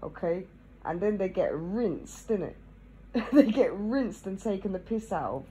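A woman's voice: mid-range voice, lively intonation, unhurried, dark tone, breathy edge, poor audio. A woman, chatting casually to camera, tagging nearly every phrase with "yeah?" and laughing between thoughts. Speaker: vlogger.

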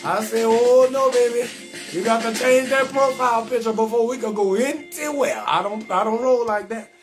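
A man hosting a live comedy stream, shouting out viewers and roasting their names in a loud, sing-song, laughing way. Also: very high-pitched, moderate pace, over music.

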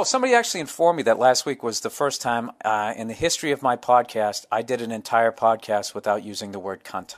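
A man's voice: medium pitch, fairly bright tone. A man hosting his own podcast in a casual solo monologue, rambling through tangents and swearing constantly. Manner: rambling, heavily profane, jumps between tangents; acts out crowd members and himself in quick voices. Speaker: podcast host.

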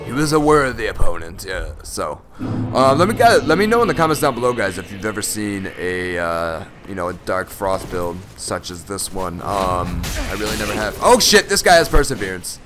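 A young man giving excitable, profane live commentary over his own gameplay, often bursting into shouts. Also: fairly low pitch, moderate pace, over music. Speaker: gaming channel host.

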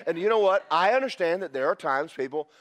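A man preaching a sermon as pastor, animated and breaking into shouted praise. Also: a little high, fast talker.

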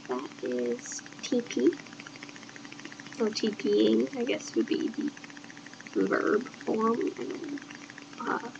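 A young woman from Maine talks slowly in a casual vlog, her slightly high voice edged with vocal fry. She reads each question aloud and answers offhand, pausing on fillers. A faint hiss sits under the recording. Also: dull audio. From Southern Maine, United States. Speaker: vlogger. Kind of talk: casual accent-challenge video.

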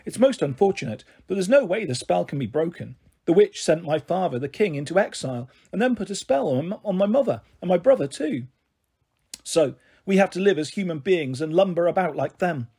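A man's voice: high voice, expressive, fairly quick, mellow, husky, full character voice. A man reading aloud, voicing a young girl who grandly pretends to be a fairy queen in a children's storybook. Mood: grandly pretending.

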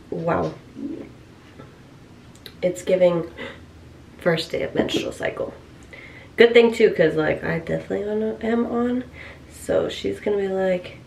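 A woman's voice: fairly low pitch, vocal fry, a little mellow, a little hiss or hum. A woman making a casual vlog at home, gasping and exclaiming, often dropping to a half-whisper. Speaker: vlogger. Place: bathroom at home. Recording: echoey room, voice a bit far from mic.

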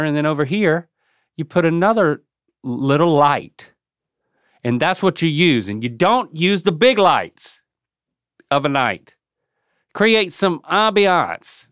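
A man with a smooth, resonant mid-range voice co-hosts a casual chat. He explains things in an animated way, with playful sound effects thrown in. The recording is close and dry. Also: on the high side, dry recording. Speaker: podcast co-host.

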